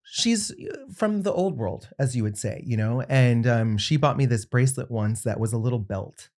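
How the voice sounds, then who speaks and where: A young adult man guesting on a podcast, telling a personal story in an easygoing, conversational way. He brings his tale to life by voicing the people in it, and his pitch sits in the middle range. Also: normal speed. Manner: animated storyteller acting out quotes.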